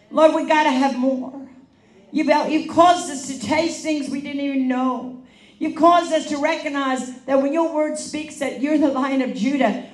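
A high-voiced woman evangelist preaches a charismatic sermon with fervent, rhythmic swells in volume. She sounds distant from the mic, her voice ringing through a reverberant meeting hall. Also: a little mellow. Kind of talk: charismatic sermon with prophetic prayer. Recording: echoey hall, voice from far off.

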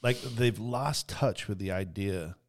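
Male podcast host, very low pitch, reflective and affirming. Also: slow. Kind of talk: casual interview chat.

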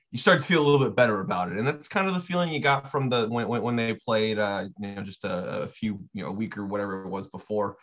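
A man's voice: on the low side, fairly bright tone. A man, a sports reporter, giving loose, hesitant analysis with many restarts in a casual podcast chat. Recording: dull lo-fi audio.

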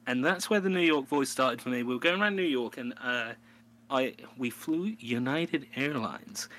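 A man's voice: medium pitch, moderate pace. A young man co-hosting a podcast, telling stories with lots of laughter in casual chat. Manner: animated storyteller, laughs often, breaks into a put-on New York voice. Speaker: podcast co-host.

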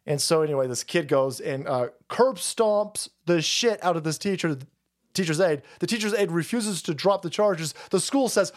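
A middle-aged man hosting a live stream, rambling through a foul-mouthed rant and calling his viewers "boys." His speaking voice sits somewhat high for a man. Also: expressive, normal speed. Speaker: streamer host. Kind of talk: casual ranting stream.

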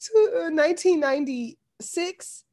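A woman's voice: high voice, animated, unhurried, a little mellow. A woman co-hosting a podcast in casual chat, complaining with a laugh. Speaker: podcast co-host.

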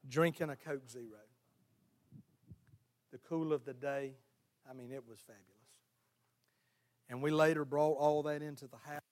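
A male pastor, preaching a sermon in a folksy, storytelling way that builds to loud, fervent exhortation. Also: on the high side, steady tone, normal speed, pauses often.

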